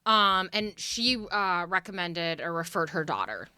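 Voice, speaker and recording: A woman who works as a medium, chatting as a podcast guest and telling lively stories, acting out what spirits say. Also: fairly low pitch, a little slow, clear, resonant tone, no echo, clean studio sound. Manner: animated storyteller who acts out spirits' voices. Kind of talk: casual chat.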